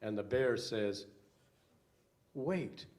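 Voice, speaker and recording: An older man, a minister, reading a children's story aloud slowly with some hesitant fillers. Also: fairly low pitch, expressive, a little mellow.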